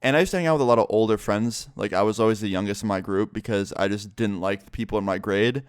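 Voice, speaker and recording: A man's voice: lowish voice, fast talker, clean tone, no room sound, clean studio sound. A young man telling a rambling, swear-filled story for his vlog. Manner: rambling, profanity-laced storytelling full of fillers. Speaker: YouTuber. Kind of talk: casual story time vlog.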